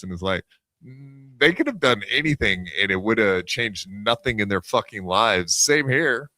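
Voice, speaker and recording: A man's voice: fairly low pitch, expressive, normal speed, bright, forceful tone, no room sound. A man co-hosting a podcast, incredulous and mocking, swearing freely in casual commentary. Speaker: podcast co-host.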